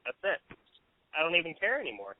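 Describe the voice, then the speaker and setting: A man's voice: on the high side, very animated, fairly quick. A man in his thirties co-hosting a podcast, telling stories in a laid-back, self-deprecating way. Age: 30s. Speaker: podcast co-host. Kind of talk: casual chat. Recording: tinny phone-like line, dry.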